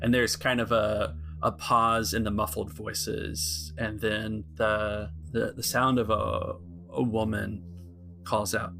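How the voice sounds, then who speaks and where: A man runs a tabletop game, narrating scenes in a calm and measured manner. His voice sits low with a gravelly edge, and his pitch stays flat and even. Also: faint music behind. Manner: calm, measured, frequent small restarts. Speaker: game master.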